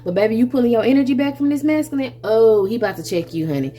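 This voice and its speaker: A woman giving a casual tarot reading, animated and chatty, who laughs often, swears freely and calls the listener baby and honey. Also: fairly high pitch, quick pace. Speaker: tarot reader.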